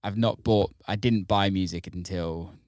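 A man hosting a casual interview, talking in a relaxed, halting way with casual swearing. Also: low voice, no room sound, clean studio sound. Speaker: podcast host, DJ.

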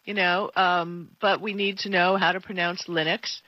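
A woman co-hosting a tech talk show in casual chat, emphatic and quick to laugh. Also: on the low side, little pitch movement, no echo. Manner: chatty, laughs often, emphatic. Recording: dull lo-fi dry sound.

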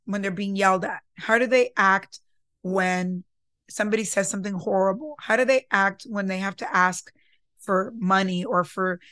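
A woman's voice: mid-range voice, fairly even intonation, moderate pace, fairly bright tone, dry recording. A woman hosting a podcast, talking in an earnest, reflective way about confidence and sometimes acting out her inner voice. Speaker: podcast host. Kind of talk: casual motivational talk.

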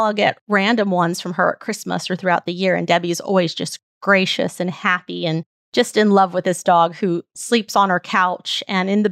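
A woman's voice: medium pitch, fairly bright tone, no room sound, clean studio sound. A woman hosting a podcast, telling a personal story in an earnest, heartfelt, reflective way. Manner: earnest, heartfelt, tells stories at length. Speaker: podcast host.

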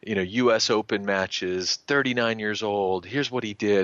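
A man, a sports writer and guest, telling anecdotes in a casual, animated way and slipping into the voices of the people he quotes. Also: fairly low pitch, moderate pace, no echo, highs cut off. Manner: animated storyteller who acts out quotes.

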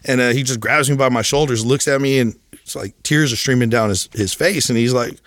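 Podcast guest, a man in his thirties, candid and profane, halting restarts, mid pitch, dry room. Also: fairly bright tone, no echo. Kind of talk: casual storytelling.

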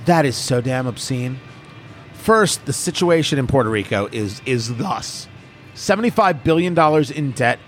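A man's voice: medium pitch, moderate pace, soft background music. A man hosting an opinionated political talk show, emphatic and mocking. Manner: animated, emphatic, mocking asides.

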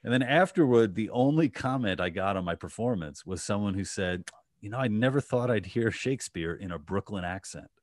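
A man's voice: lowish voice, lively intonation, brisk. A man hosting a podcast, telling a story in casual chat with many restarts and fillers. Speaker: podcast host.

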